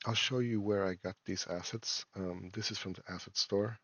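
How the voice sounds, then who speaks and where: A man, an indie game developer and a father, talks through his game in a casual devlog, halting and full of fillers and restarts. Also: lowish voice, steady tone, fairly bright tone, dry recording. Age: adult, a parent. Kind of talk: casual screen-recorded devlog.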